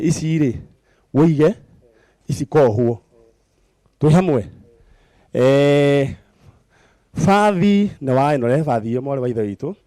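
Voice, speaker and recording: A man with a Kenyan accent hosting a live TV prize segment, giving brisk instructions to a contestant. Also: medium pitch, mellow, no room sound. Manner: brisk, coaxing, gives instructions. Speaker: TV show host. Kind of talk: lively live TV game segment.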